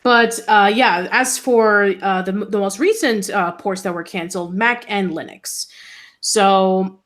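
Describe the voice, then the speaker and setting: A woman's voice: mid-range voice, measured pace, a bit bright. A woman co-hosting a casual online show, reading news items in a chatty, hesitant way with many fillers. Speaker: co-host. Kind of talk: casual podcast chat.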